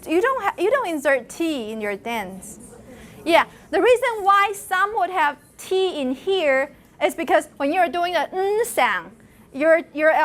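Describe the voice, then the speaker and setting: Middle-aged lecturer, female, high voice, lively, models sounds for her students. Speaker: university lecturer. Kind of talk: classroom lecture on phonology. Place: lecture classroom.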